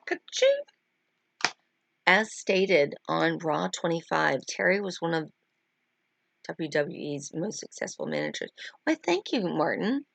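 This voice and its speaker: A woman's voice: low-pitched, very animated, a little slow, gravelly, fairly bright tone. A woman hosting a casual livestream and reading her chat, outspoken and salty, laughing often. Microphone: webcam mic close to the face.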